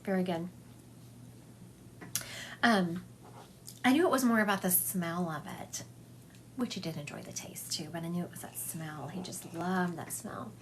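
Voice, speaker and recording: A woman's voice: lowish voice, normal speed, pauses often, a little hiss or hum. A woman psychic medium giving a chatty livestream reading, relaying and acting out spirit messages for her viewers. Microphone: phone livestream.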